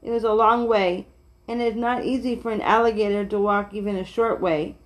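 A woman reading a children's picture book aloud in a gentle, steady way, with small slips and restarts. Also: mid-range voice, a little fast.

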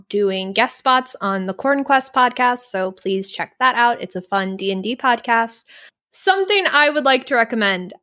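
A woman's voice: mid-range voice, a bit bright. A young woman co-hosting a podcast, chatting casually with an enthusiastic, teasing manner. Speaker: podcast co-host. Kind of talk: casual chat.

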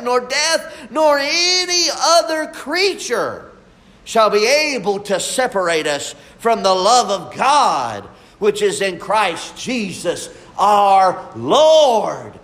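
A young man preaching a sermon, fervent and drawn-out, moving between soft and emphatic lines. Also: very high-pitched, sing-song.

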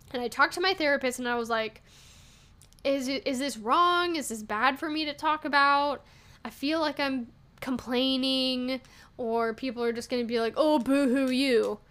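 A young woman hosting a podcast, talking casually and venting about online comments, with frequent laughs. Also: fairly high pitch. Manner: animated, venting, laughs often. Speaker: podcast host. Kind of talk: casual solo podcast talk.

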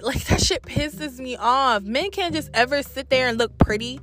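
A woman's voice: high-pitched, normal speed, few pauses, a bit bright, soft background music. A young adult woman telling a story to her camera in a blunt, profane, exasperated storytime rant. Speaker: vlogger.

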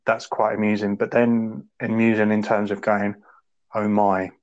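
A man co-hosting a podcast, rambling casually and acting out quotes in sudden high voices. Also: level tone, moderate pace, dull audio. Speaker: podcast co-host. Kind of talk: casual chat.

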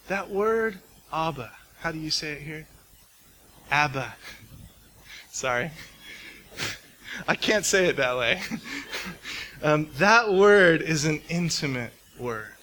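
A man delivers an earnest sermon in a high, ringing voice. He goes soft and close on tender words and picks up speed when he tells a story. A faint hum of the room sits behind him. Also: low-quality recording. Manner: earnest, speeds up when telling stories, drops to soft intimate tones. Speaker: preacher.

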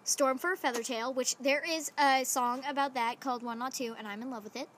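A woman's voice: high-pitched, fairly even intonation, a little fast, fairly bright tone, a little hiss or hum. A woman hosting a casual podcast, bossy with her guests and rambling eagerly as she explains, recorded at home. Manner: bossy, scolding the others to stay on topic. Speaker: podcast host. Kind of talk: casual chat among friends.

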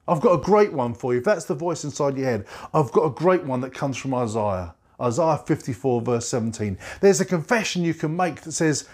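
A male pastor preaching a sermon, emphatic, repeating key phrases and slowing down low for scripture quotes. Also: lively intonation, a little mellow.

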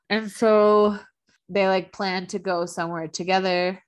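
Woman, slightly low voice, casual podcast chat, filler-heavy, laughs often. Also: fairly even intonation, measured pace. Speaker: podcast co-host recapping a TV drama.

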